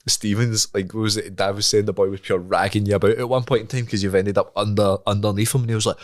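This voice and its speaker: A man's voice: on the low side, fast, hardly any pauses, no room sound, clean studio sound. A young Scottish man, a podcast guest, recounting a story in casual chat, laughing and acting out the dialogue. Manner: laughing, lively storyteller who acts out the dialogue.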